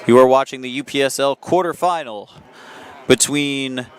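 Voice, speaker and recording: A man giving live soccer play-by-play commentary from an outdoor field, chatty and quick to correct himself. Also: medium pitch. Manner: chatty, self-correcting, apologetic asides.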